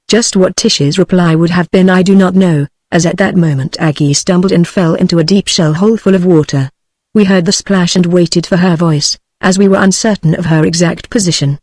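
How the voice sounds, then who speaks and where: A text-to-speech woman's voice with a British English accent, reading a novel aloud in an even, steady way. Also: fairly low pitch, dry recording. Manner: even, steady synthetic delivery. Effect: synthetic text-to-speech voice. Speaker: audiobook narrator.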